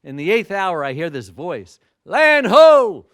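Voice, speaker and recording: A man's voice: a little high, moderate pace, dry recording, clean studio sound. A man in his sixties gives a storytelling speech to an audience as a motivational speaker, acting out the dialogue as he goes. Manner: animated storyteller who acts out dialogue.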